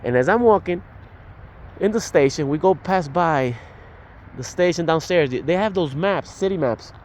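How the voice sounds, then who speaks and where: An older man tells a personal testimony casually and ramblingly, with restarts, fillers, and dialogue he acts out as he goes. His fairly high voice is expressive and darkish, at a moderate pace, with slight background noise.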